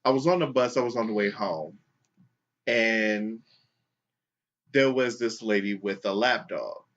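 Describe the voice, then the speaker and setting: Swearing freely, this man recounts a story on the podcast he co-hosts, doing lively voices for each character. He speaks at a measured pace with a fairly low pitch, in dull lo-fi audio.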